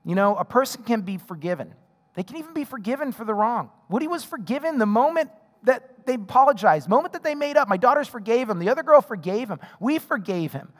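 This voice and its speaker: A man's voice: very high-pitched, animated, quick pace. A man preaching a sermon as pastor, talking conversationally and acting out both sides of the conversations in his stories. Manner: acts out both sides of dialogues in his illustrations; conversational, with frequent repeated words and restarts. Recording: long reverb of a large hall.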